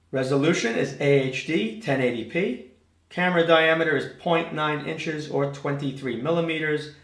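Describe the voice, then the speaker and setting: Methodical man reviewing gear, roomy sound. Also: medium pitch. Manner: methodical, detail-focused explaining. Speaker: product reviewer. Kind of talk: product review. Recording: roomy echo.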